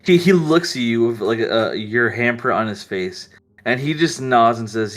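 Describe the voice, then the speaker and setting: A man narrating as game master in a relaxed, casual way. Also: mid-range voice, moderate pace.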